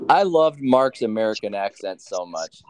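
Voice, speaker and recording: A man's voice: medium pitch, slight background noise, rough recording. A man hosting a casual wrestling podcast, talking in a loose, rambling, hesitant way. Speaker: podcast host. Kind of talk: casual chat.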